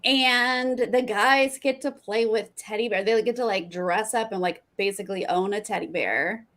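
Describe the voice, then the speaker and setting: A woman's voice: medium pitch, normal speed, a bit bright. A woman co-hosting a casual reality TV recap, chatty and acting out quoted lines with a raised voice. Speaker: co-host of a reality TV recap show.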